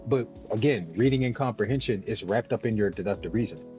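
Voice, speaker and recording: A male gaming streamer speaking in an easy, explanatory way, forever checking in with the listener. His voice sits at a middling pitch and comes through a dull, lo-fi mic. Faint game music plays behind him. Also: fast talker, dark tone. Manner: explanatory, loose, keeps checking in with "right?". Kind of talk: livestream commentary while gaming.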